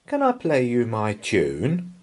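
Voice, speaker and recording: A man's voice: medium pitch, wildly swooping pitch, takes it slowly, darkish tone, pitched above the performer's own voice. A man voicing an eager young boy elephant from a picture book, with a pleading manner.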